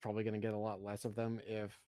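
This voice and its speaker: A man's voice: lowish voice, completely flat delivery, fast, mellow, clean tone, no room sound. Man in casual podcast chat, dry sound. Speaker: podcast co-host.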